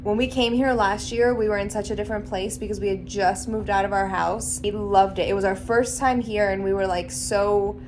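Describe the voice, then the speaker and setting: A woman's voice: medium pitch, fairly even intonation, moderate pace, few pauses, background noise. A woman in her thirties talking casually in a road trip vlog, chatty and reflective with lots of "like". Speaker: vlogger. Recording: music playing underneath.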